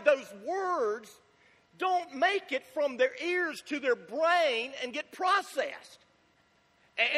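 A man with a strikingly high, bright voice delivers a sermon at a deliberate, slow pace. He hammers points home by repeating them and asking the congregation questions. His words ring out in a reverberant church sanctuary. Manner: emphatic, repetitive preaching with rhetorical questions. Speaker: pastor. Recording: long hall reverb.

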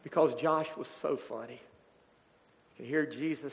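Grieving pastor in a reverberant church. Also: male voice, mid-range voice, steady tone, creaky. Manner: emotional, halting, grieving father. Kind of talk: sermon. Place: church sanctuary.

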